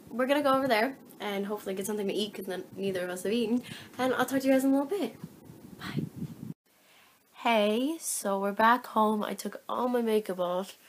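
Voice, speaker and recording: A young adult woman chats casually in her daily vlog, talkative and apologetic and often sounding tired, yet gushing with excitement around animals. Her voice is on the high side, and there is a little hiss or hum in the recording.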